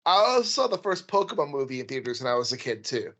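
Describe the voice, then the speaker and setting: Laid-back podcast co-host, mid-pitched. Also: sing-song, fast talker, fairly bright tone. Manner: laid-back, laughing, rambling. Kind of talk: casual chat.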